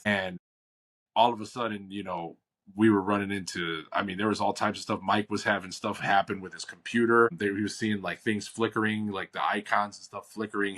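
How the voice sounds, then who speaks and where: A man from Chicago hosts a casual podcast chat, rambling easily with slangy asides. His voice sits on the low side. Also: bright, forceful tone. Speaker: podcast host.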